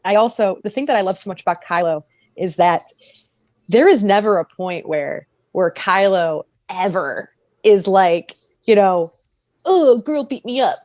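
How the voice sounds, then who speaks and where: A woman's voice: on the low side, measured pace, no echo. Woman gushing on a podcast, laughs a lot, jumps into silly character voices, dry close mic. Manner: animated, acts out characters' lines mid-sentence; frequent laughter and restarts. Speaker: podcast guest. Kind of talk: casual podcast discussion.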